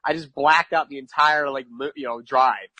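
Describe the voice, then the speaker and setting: A man's voice: mid-range voice, fairly even intonation, moderate pace, sharp tone, dry recording, highs cut off. A man from New York, a podcast guest, telling a casual story with lots of repetition for emphasis and laughing at his own mishaps.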